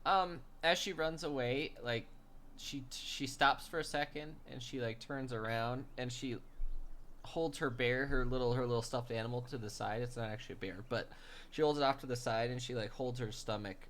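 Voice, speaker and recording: Bright-voiced male game master. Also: mid-range voice, normal speed. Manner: relaxed, filler-heavy narration. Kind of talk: narrating a tabletop game.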